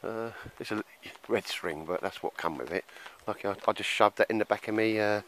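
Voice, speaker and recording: A man's voice: lowish voice, a little fast, a bit bright, a little hiss or hum, rough recording. A man chatting casually to camera at an outdoor woodland camp, laughing often and calling people mate. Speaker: bushcraft vlogger.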